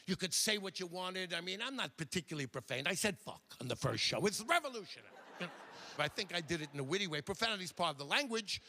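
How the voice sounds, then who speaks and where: An older man doing a stand-up routine on a theater stage, animated and slipping into quick impressions of other people. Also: high-pitched. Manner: animated, mimics characters in quick asides. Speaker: stand-up comedian. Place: theater stage before a live audience.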